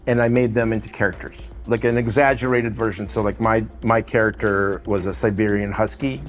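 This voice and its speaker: A man's voice: lowish voice, steady tone, a little fast. A middle-aged man with a Russian accent, an animation director chatting casually in an interview, loose and rambling with lots of "you know" and "right?". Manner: rambling, filler-heavy, often adds "you know" and "right?".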